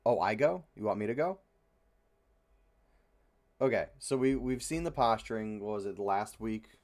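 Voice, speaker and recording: A man's voice: lowish voice, animated, normal speed, a little mellow. A young man hosting a casual podcast, rambling and frustrated, with many fillers and free swearing. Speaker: podcast host. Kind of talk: casual opinionated chat.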